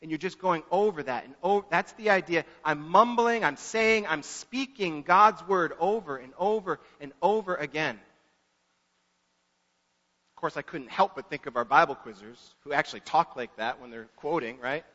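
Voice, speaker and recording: A pastor preaching a sermon in an earnest manner, repeating words for emphasis. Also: male voice, a little high, moderate pace, a bit bright. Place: church sanctuary. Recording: echoey church hall, dull lo-fi.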